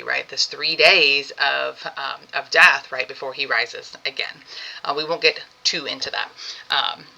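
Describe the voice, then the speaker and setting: A woman teaching a seated Bible study lesson, reading scripture aloud and explaining it in a conversational way, often pausing on "um" and checking in with "right?". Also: sits low, creaky, sharp tone, rough recording.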